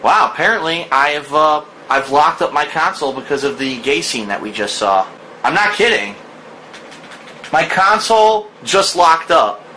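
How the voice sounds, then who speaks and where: A man streaming a video game, shouting in disbelief and laughing loudly as he comments. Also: a little high, lively intonation, a little slow, slight background noise, low-quality recording. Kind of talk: live gameplay commentary.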